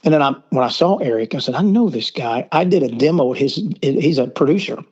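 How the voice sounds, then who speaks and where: A middle-aged man with a Southern US accent is a podcast guest, rambling through long casual stories and acting out the quoted dialogue. His medium-pitched voice is expressive, brisk, darkish and slightly rough. The remote-call recording sounds muffled.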